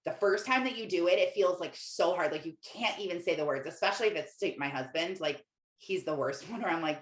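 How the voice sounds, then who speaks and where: A young adult woman who works as a Christian life coach and hosts a podcast speaks briskly in a fairly low voice. Her casual, candid monologue is packed with "like" fillers, and the room sounds echoey.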